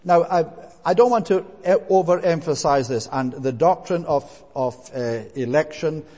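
A man preaches a sermon in a church, his fairly high, mellow voice moving at a moderate pace. He is emphatic and repetitive, restating points with rising stress and often hesitating with "eh" and "uh." The church hall gives a long reverb.

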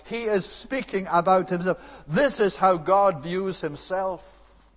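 A man's voice: sits high, slow pace, fairly bright tone. A man preaching an expository sermon, earnest and emphatic, building to rhetorical outbursts. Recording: long reverb of a large hall.

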